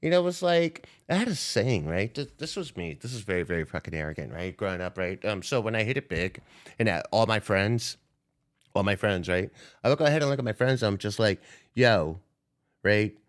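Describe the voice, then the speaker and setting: A man's voice: lowish voice, expressive, brisk. Profane ranting male trading streamer. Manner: profane, confrontational, ranting at viewers. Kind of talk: unscripted livestream rant.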